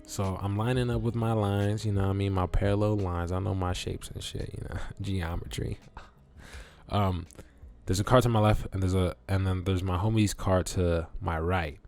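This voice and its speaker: A man's voice: low-pitched, fairly even intonation, normal speed, vocal fry, darkish tone, faint music behind. A man vlogging in a loose, casual way, swearing and acting out his own reactions as he tells a story. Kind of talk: casual talk to camera.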